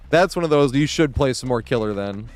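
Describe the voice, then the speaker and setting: Easygoing man in casual stream chat. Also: mid-range voice. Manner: rambling, filler-heavy, laughs often. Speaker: game streamer.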